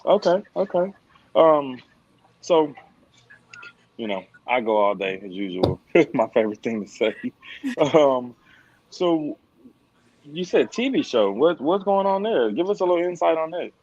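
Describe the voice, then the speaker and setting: A man co-hosting a casual online show, relaxed with laughing asides. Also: fairly high pitch, unhurried, long pauses, no echo. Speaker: co-host. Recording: dull dry lo-fi sound.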